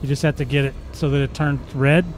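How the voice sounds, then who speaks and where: A man's voice: medium pitch, flat delivery, a little fast, soft background music. A man hosting a gaming channel, giving joking, playful commentary while he plays and making gun sounds with his mouth. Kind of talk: live gameplay commentary.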